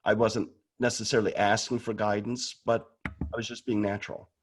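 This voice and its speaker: A man's voice: lowish voice, level tone, normal speed, slight background noise. A man talking casually and candidly about prayer, often restarting words as he goes. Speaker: guest speaker on prayer. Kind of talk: casual conversational talk.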